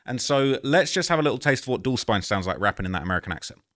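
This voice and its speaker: A man's voice: mid-range voice, expressive, rapid-fire, fairly bright tone, faint music behind. A man in his late twenties hosting a reaction video, talking slangy and chatty and checking in with the listener. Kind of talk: casual commentary.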